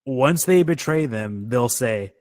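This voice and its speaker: Man, podcast co-host, mid pitch, casual and profane, chatty. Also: animated, slow pace, darkish tone. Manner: loose, profane, laughs easily. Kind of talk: casual movie chat.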